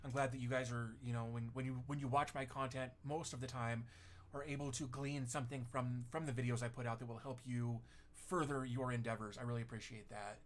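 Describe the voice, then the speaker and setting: A man's voice: medium pitch, fairly even intonation, brisk. Chatty, rambling middle-aged male streamer. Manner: rambling, self-deprecating, many fillers and restarts. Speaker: tech YouTuber hosting a livestream. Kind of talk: casual livestream chat reading viewer comments.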